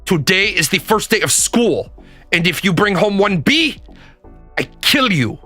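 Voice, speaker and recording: A harsh, demanding parent barks clipped threats in a high, sharp voice, as a man puts on the part. The tone is forceful and bright, with a stern, scolding bite. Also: measured pace, smooth, faint music behind. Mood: threatening.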